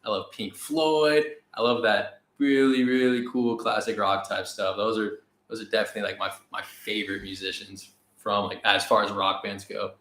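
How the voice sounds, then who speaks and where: A young American man co-hosting a travel vlog livestream Q&A, relaxed and quick to laugh. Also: lowish voice. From United States. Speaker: travel vlogger co-host. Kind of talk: casual livestream Q&A chat. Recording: echoey room.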